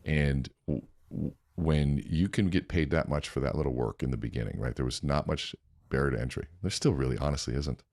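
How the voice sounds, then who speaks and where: A man's voice: rumbling low, fairly quick, no echo, studio quality. A man telling stories as a podcast guest, with energy and acting out the dialogue. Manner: energetic, acts out dialogue in his anecdotes. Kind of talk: animated storytelling.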